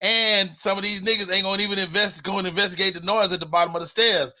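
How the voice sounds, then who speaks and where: A man's voice: high-pitched, steady tone, fast, bright, forceful tone. A man hosting a live talk show, arguing in emphatic, profane, casual comedic debate. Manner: emphatic, profane, stammering restarts. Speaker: podcast host.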